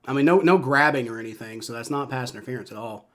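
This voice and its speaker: A young man giving live play-by-play reaction to a football game, excitable and swearing as he reacts to each play. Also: medium pitch, fast talker.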